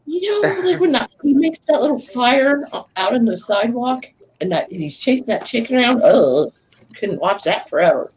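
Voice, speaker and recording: A woman chatting casually with friends on a live stream, animated and quick to laugh. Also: on the high side, a little hiss or hum, rough recording. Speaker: stream participant. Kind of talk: casual group chat.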